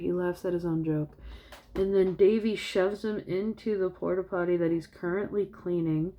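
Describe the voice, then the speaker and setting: A woman's voice: fairly low pitch, muffled recording. A woman vlogger casually retelling a film plot in a rambling way. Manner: rambling, many fillers and restarts.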